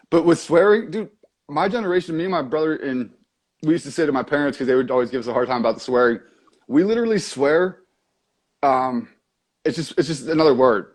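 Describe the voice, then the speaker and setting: A man's voice: a little high, darkish tone. A man chatting casually at a round table, laid-back and agreeable, swearing easily. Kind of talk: casual chat.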